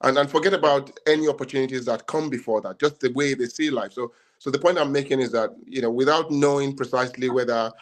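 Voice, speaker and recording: A man's voice: mid-range voice, quick pace. A man, co-hosting a podcast debate and talking in long, rambling turns full of restarts. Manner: rambling, many restarts and fillers. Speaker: podcast co-host. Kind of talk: casual debate chat.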